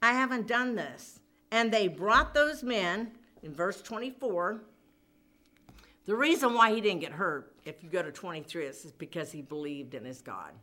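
In a mid-range, sharp-toned voice, a woman speaks animatedly and a little slowly. She retells a scripture story in her sermon with emphatic drama, giving voice to the people quoted.

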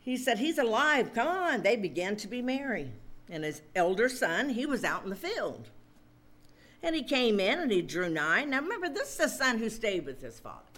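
A woman's voice: fairly high pitch, fairly bright tone. A woman preaching a sermon, drawing out her words for emphasis and turning to her listeners with asides.

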